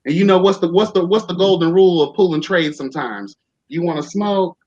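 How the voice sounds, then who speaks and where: A man's voice: sits high, brisk, darkish tone. A young man casually telling a story on a talk show, campy and sassy, profane, calling everyone child and honey. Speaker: podcast host. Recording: dull lo-fi sound.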